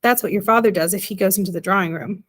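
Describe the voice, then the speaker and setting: A fussy, anxious little mother who scolds with emphasis, as a woman reading a storybook puts her on. She speaks a bit louder and higher than the narration. Her lines are sharp and insistent. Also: fast, lightly acted. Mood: scolding.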